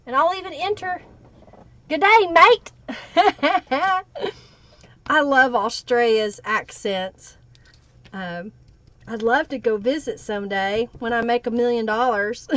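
High-voiced chatty woman craft host. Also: expressive, unhurried, no room sound. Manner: chatty, thinks aloud while working, greets viewers by name. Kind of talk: live crafting tutorial with chat shout-outs.

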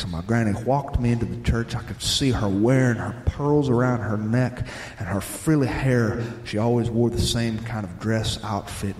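A man, telling plainspoken, gently humorous stories live on a theater stage. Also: medium pitch. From Southern United States. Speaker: storyteller and radio host. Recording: echoey live theater with long reverb.

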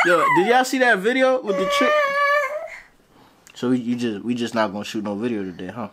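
Man, casual vlogger dad, hugely animated pitch swings, playful slangy coaxing, noticeable background noise. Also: a little fast, long pauses. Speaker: vlogger and father. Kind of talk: casual talk to a toddler on camera.

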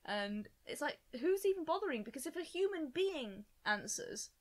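A woman's voice: high voice, very animated, normal speed, a crowd in the background. A woman in casual podcast chat, blunt and wryly funny. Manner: wry, blunt humor with frequent laughs.

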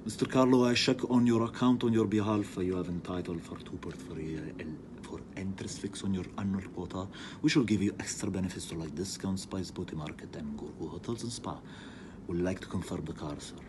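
A man playing a stalling bank supervisor who speaks low and half-whispered. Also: fairly quick, background noise, close to an everyday voice. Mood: hushed stalling. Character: male call supervisor, hushed and stalling. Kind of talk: comedic phone prank skit.

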